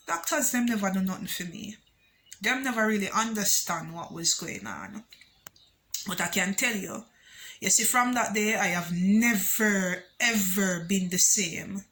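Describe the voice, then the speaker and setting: Bright-voiced Jamaican woman telling a story. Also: mid-range voice. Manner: animated, emphatic storytelling mixing patois and English. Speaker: vlogger. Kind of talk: storytime vlog.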